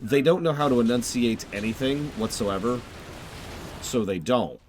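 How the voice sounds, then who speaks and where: A man's voice: medium pitch, moderate pace, darkish tone, slight background noise. A man streaming a game, chatting casually and rambling, correcting himself as he goes. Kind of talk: casual gameplay commentary.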